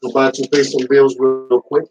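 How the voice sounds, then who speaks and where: Chatty radio host over music. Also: male voice, medium pitch, flat delivery, moderate pace, a little mellow, lo-fi sound. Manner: loose, chatty, talking to the live audience. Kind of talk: live-streamed radio talk. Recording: music playing under the voice.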